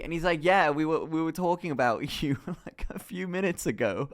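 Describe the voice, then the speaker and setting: A young man streaming from home, telling a story in a casual, animated way, full of laughs, swearing and acted-out quotes. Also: a little high, moderate pace. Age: young adult.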